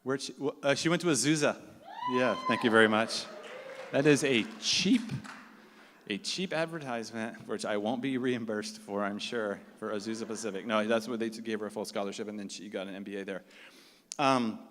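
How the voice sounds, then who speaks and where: A middle-aged man telling a self-mocking comic story live, animated and laughing along. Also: fairly low pitch, brisk. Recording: echoey hall, faint room noise.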